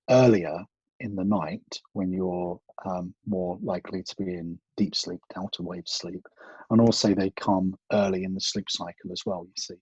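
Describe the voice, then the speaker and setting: Low husky-voiced man explaining sleep. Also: no echo. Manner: restarts often, trails off quietly, explains patiently. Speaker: CBT practitioner guest. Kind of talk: casual podcast explanation. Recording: dull, muffled podcast audio.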